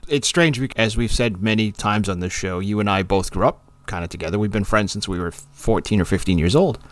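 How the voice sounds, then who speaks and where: A man's voice: fairly low pitch, a little fast. A middle-aged man from Massachusetts with a faint Boston-area accent, co-hosting a podcast and telling stories in a chatty way. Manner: chatty, animated storyteller. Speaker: podcast co-host. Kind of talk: casual storytelling.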